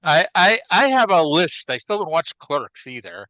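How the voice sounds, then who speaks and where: A man's voice: a little high, very animated, moderate pace, bright, forceful tone, no room sound, low-quality recording. A man co-hosting a wrestling podcast in a casual, rambling chat. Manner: chatty, rambling, with fillers. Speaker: podcast co-host.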